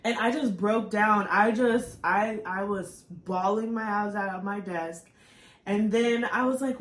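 A woman's voice: fairly high pitch, a little slow. Woman podcast host, tearful, candid, open, roomy echo around the voice. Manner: open, searching, with frequent fillers and restarts. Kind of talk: candid emotional podcast talk.

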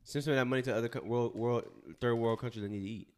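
A man's voice: medium pitch, fairly even intonation, racing, clear, resonant tone. Wisecracking male podcast co-host. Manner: wisecracking, mock-outraged, laughs at own jokes. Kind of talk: casual chat.

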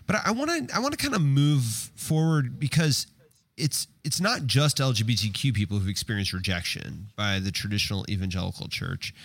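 A man's voice: medium pitch, animated, a little fast, no room sound. A man hosting a podcast, asking his guest questions in a thoughtful, conversational way. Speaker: podcast host. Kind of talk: casual interview talk.

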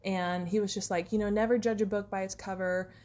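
A woman co-hosting a podcast tells stories in a casual, rambling chat packed with fillers and restarts. Her medium-pitched voice is steady, a little mellow, and brisk.

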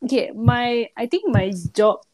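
A woman's voice: fairly high pitch, animated, a little slow, darkish tone, slight background noise. A young Singaporean woman chatting on a podcast, venting about office work with many "like"s. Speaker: office worker guest. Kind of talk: casual podcast chat.

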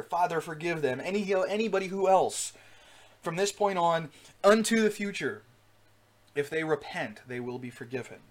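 Earnest preacher man, rising emphasis. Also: a little high. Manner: earnest, rising emphasis with frequent fillers and restarts. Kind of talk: sermon teaching.

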